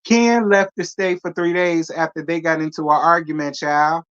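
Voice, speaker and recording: A man with a fairly high voice hosts a casual reaction commentary. He talks bluntly, rambles and swears freely. The audio is dull and lo-fi. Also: steady tone, moderate pace, fairly bright tone, clean tone. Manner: blunt, rambling, profane, with slang. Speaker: commentary host.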